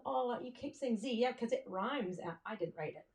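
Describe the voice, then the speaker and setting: A woman's voice: fairly high pitch, expressive, normal speed, a little mellow. A woman hosting a music livestream, chatting and joking directly with her viewers between songs. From Canada. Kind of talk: casual chat between songs. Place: home livestream setup, in front of cameras.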